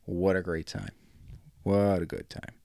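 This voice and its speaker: Here a married-ten-years New Englander chats alone on his podcast, wandering off topic and using lots of filler words. The deep, dark, creaky voice has a sing-song lilt and a measured pace, captured dry at studio quality.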